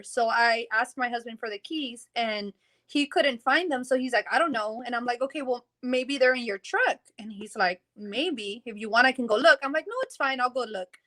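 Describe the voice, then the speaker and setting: High-voiced woman retelling a mishap. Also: a bit bright. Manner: rambling, acts out quoted dialogue, laughs in between. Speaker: guest telling her story. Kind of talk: casual interview storytelling.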